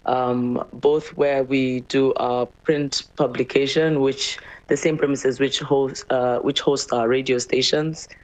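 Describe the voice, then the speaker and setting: A hesitant woman speaking in a flat, slow, measured way, pausing often between fillers. She answers an interviewer's questions as a company's managing director. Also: a bass voice, rough recording.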